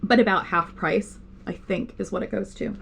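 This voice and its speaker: Woman, art teacher, gravelly edge, rambling with fillers, faint hiss behind, livestream. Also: mid-range voice, fairly even intonation, normal speed. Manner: rambling, self-interrupting, with many fillers. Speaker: art instructor. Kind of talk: live digital painting tutorial.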